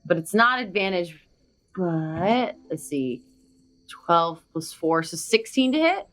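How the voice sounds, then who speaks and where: Low-voiced female player. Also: very animated, slow pace, a bit bright, faint music behind. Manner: casual, hesitant fillers. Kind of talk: playing a tabletop game.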